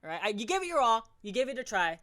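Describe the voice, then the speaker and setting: A young man hosting a solo podcast, ranting fast and profanely, tripping over his words with stammers and restarts. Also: extremely high pitch, very animated, pushed and bright. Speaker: podcast host.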